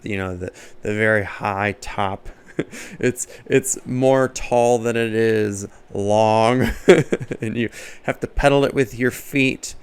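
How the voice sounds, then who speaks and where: A man's voice: on the low side, clear, resonant tone. A man, a comedian, telling a comic story as a monologue and laughing often at his own jokes.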